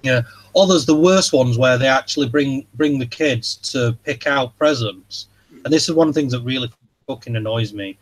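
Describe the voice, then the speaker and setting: A man's voice: mid-range voice, moderate pace, low-quality recording. A man, hosting a live stream and ranting in casual chat, rambling and swearing as he tells stories.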